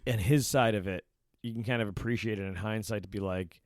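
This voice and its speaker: A man's voice: lowish voice, brisk, no room sound, clean studio sound. A man co-hosting a podcast in casual chat, rambling and swearing freely. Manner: rambling, profane, quotes characters in put-on lines. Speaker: podcast co-host.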